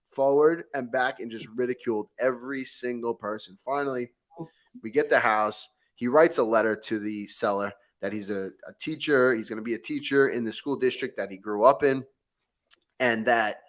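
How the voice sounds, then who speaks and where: A man, hosting a show and telling a story in lively, casual chat with many restarts. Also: medium pitch. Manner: animated storyteller, mimics a friend with frequent restarts. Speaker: host, real estate agent.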